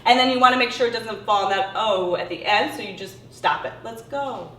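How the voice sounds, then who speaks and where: A woman speech therapist coaching voice exercises, encouraging and demonstrating words with exaggerated pitch glides. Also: quick pace, fairly bright tone, far from the mic, slight background noise. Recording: roomy echo, a bit off-mic.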